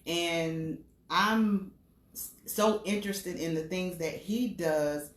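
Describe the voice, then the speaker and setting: A woman talking in a casual interview, halting and restarting her sentences. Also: on the low side. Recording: roomy echo, off mic.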